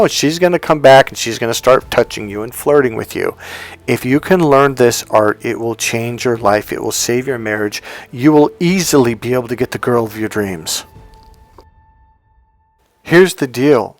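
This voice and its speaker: A man's voice: mid-range voice, expressive, normal speed. A man giving a casual dating-advice monologue to camera, emphatic and repetitive, acting out little example lines. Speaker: dating coach.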